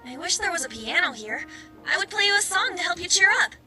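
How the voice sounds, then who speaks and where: Gentle caring young woman in a game, soft reassuring tone, high voice. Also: big pitch swings, fast, soft background music, exaggerated voice. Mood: tender. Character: gentle young female pianist student, caring.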